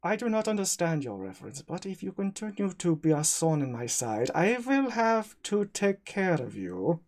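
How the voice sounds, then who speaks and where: A man voicing a scheming male heist villain with a stiff, mock-German accent, speaking in a slow, deliberate, menacing way. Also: high voice, sing-song, darkish tone. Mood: threatening.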